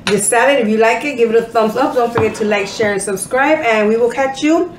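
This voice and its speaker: A woman hosting a casual cooking vlog at home, chatty and quick to laugh, slipping into Spanish now and then. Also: fairly high pitch, echoey room, noisy background. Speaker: vlog host.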